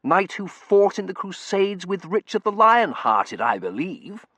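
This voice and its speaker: A man's voice: high-pitched, sing-song, a little slow, bright, forceful tone, no room sound, pitched above the performer's own voice, full character voice. A man doing a stammering young undergraduate. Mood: flustered. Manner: polite, stammering. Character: flustered young male undergraduate.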